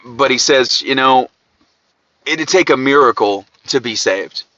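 A man with an Ohio accent preaching a podcast sermon, swinging from loud emphatic peaks to quiet asides. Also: medium pitch, measured pace, no echo, lo-fi sound.

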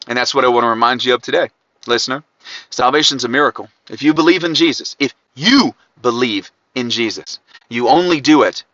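Ohio guy preaching, bright forceful voice, fired up then drops soft, dull dry lo-fi recording. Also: mid-range voice, dry recording. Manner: impassioned, swings from loud emphatic peaks to quiet asides. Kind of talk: podcast sermon.

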